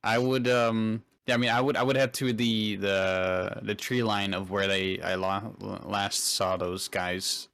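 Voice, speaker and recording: A man's voice: on the low side, fairly even intonation, unhurried, vocal fry, few pauses, fairly bright tone, clear, resonant tone. A man taking part as a player in a tabletop game, laid-back and joking. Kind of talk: casual play chat.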